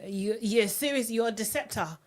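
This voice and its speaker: A woman hosting a live reality TV recap, talking in an animated, outspoken way. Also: fairly high pitch, moderate pace. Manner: animated and outspoken, often mocking voices. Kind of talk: live recap and review chat.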